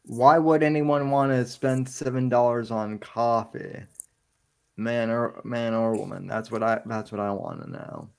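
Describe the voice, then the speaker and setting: A man's voice: mid-range voice, sing-song, unhurried, vocal fry, clean tone. A man hosting a casual podcast chat, rambling with stammering restarts. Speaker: podcast host.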